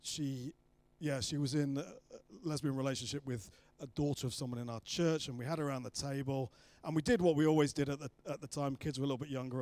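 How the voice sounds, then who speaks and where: A man preaching a sermon, telling the story with lively acted-out voices of the people in it. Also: mid-range voice. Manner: animated storytelling, acting out voices of the disciples.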